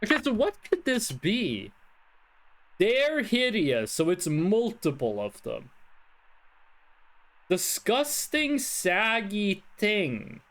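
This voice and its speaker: A streamer giving live game commentary, thinking aloud and swearing in an animated way. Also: mid-range voice, slow pace.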